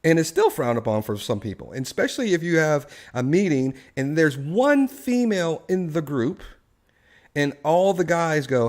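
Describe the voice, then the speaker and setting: Guy hosting a live stream, lively storyteller, keeps asking the chat what they think. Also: fairly high pitch, moderate pace. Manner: animated storyteller, asks the chat questions. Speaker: live show host. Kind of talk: casual live-stream discussion.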